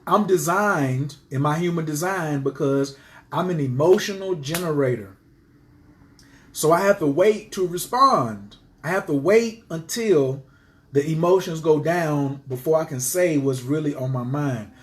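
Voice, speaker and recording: A man's voice: fairly high pitch, unhurried. A man teaching astrology to his viewers in a casual live stream, speaking passionately and emphatically and driving his points home by repeating them.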